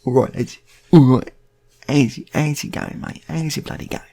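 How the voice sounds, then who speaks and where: A man's voice: on the high side, fairly even intonation, normal speed, warm tone, pitched above the performer's own voice, close to an everyday voice. A man voicing a blunt, brash builder who calls everyone mate. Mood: blokey. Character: blunt working-class male builder, soft-hearted bloke.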